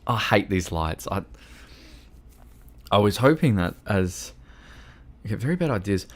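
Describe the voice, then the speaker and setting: A man's voice: medium pitch, expressive, a little slow, creaky, pauses often. A young man chatting with his livestream viewers while playing a game, rambling and often restarting his sentences. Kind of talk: casual chat with livestream viewers while gaming.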